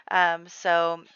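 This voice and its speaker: A woman giving casual let's-play commentary, chatty and giggly, telling the story and quickly quoting the characters. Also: lowish voice, a bit bright, clear, resonant tone, no room sound, highs cut off. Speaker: gameplay commentator.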